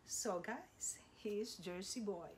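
Slow, gushing woman hosting. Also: medium pitch, slight background noise. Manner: gushing, slow, lots of thanks. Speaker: channel host. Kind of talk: casual video presentation.

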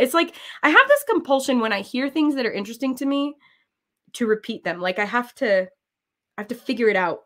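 A woman's voice: medium pitch, a bit bright. A woman streaming as she cross-stitches, chatting casually and drifting onto side topics. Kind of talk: casual chat while stitching.

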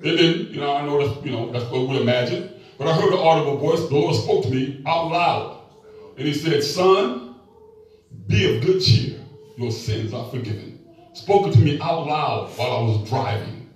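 Briskly, a middle-aged pastor with a slightly high voice and a darkish tone delivers his sermon. He uses call-and-response with the congregation along with playful asides, and the distant mic picks up an echoey room.

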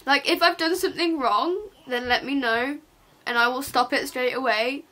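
A young woman vlogging an emotional rant to camera, crying as she talks, halting and restarting her sentences. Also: high voice, sharp tone.

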